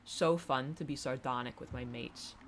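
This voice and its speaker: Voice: medium pitch, moderate pace, fairly bright tone, a little hiss or hum. A streamer giving playful, joking commentary on a live-streamed game, reading the dialogue aloud and laughing often, on a desk mic.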